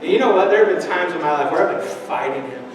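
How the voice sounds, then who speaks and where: A man's voice: sits high, lively intonation, fast, noisy background. A man preaching a sermon as pastor, telling a family story in an earnest way and building to emphatic appeals. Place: church sanctuary. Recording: echoey church hall, mic at a distance.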